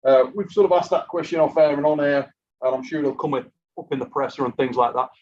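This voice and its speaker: A man's voice: a little high, fast talker, darkish tone. A man hosting a casual live stream, chatty and worn out from lack of sleep, reading out viewer messages. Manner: chatty, reads out super chats. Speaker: host of an armwrestling live stream. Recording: muffled lo-fi live stream audio.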